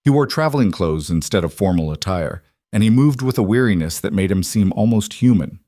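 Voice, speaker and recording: Low-voiced male story narrator. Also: expressive, fairly quick, mellow, no room sound, studio quality. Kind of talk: scripted narration.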